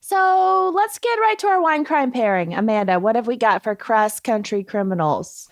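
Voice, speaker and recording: A woman's voice: fairly high pitch, expressive, moderate pace, no echo, clean studio sound. A woman co-hosting a casual podcast, enthusiastic and giggly. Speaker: podcast co-host. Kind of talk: casual chat.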